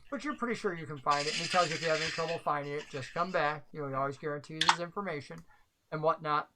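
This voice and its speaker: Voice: mid-range voice, background noise. A game master who narrates a tabletop game and explains the rules at length, thinking aloud.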